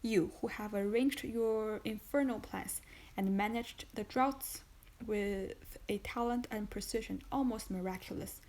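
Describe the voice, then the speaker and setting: A woman's voice: mid-range voice, unhurried, lightly acted, low-quality recording. A woman reading a cold, contemptuous male magistrate. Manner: calm, contemptuous and relentless. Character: cold, stern male magistrate accusing his wife. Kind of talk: audiobook reading.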